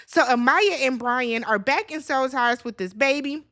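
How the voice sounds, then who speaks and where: High-voiced sassy woman recap host. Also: moderate pace, bright, forceful tone. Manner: blunt, sassy and profane, talking straight to viewers. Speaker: reality show recap host. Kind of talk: casual commentary vlog.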